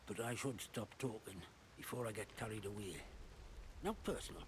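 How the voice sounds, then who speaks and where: An actor voicing a wary, chatty male survivor in a game, with a gravelly, rambling way of talking. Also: lowish voice, normal speed, slight background noise, close to an everyday voice. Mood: wary chatter. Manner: rambling, gossipy, suspicious of strangers. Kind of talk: video game dialogue.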